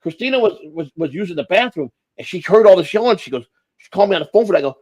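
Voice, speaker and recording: A man's voice: sits high, expressive, racing, darkish tone, dry recording. A man hosting a livestream, telling a long story in a profane, rambling way with lots of restarts. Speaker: livestream host.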